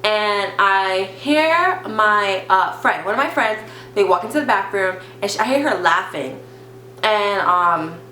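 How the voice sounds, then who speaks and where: A woman's voice: mid-range voice, a little slow. A young woman vlogger telling a story in casual chat, acting out other people's voices. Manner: animated, acts out voices of teacher, nurse and mom. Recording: echoey room with faint hum.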